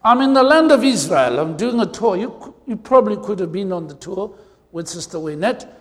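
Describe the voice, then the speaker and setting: A South African man preaching with a very high voice, his words ringing in a long hall reverb. He tells funny stories from the pulpit and stretches out key words for effect. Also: animated. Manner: humorous storytelling with drawn-out emphasis. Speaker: pastor. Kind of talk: preaching a sermon.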